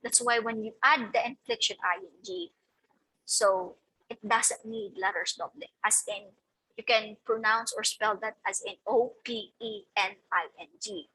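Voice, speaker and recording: Presenting a lesson in a recorded lecture, a young woman walks through her slides methodically, repeating "okay" and "so" between points. She speaks a little slowly in a slightly high, steady, bright and forceful voice; the audio is poor, with some hiss or hum.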